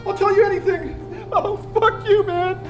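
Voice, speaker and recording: An actor playing a crude, foul-mouthed small-town drug dealer in a film drama, casual on the phone. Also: male voice, a little high, animated, fairly quick, close to an everyday voice. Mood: panicked. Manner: crude and casual on the phone, then screaming and begging. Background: film score music.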